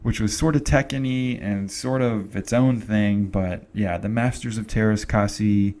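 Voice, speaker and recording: A man's voice: fairly low pitch, steady tone, a little slow, darkish tone. A man giving a chatty, rambling movie review to camera, full of fillers and asides. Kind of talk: casual film review to camera.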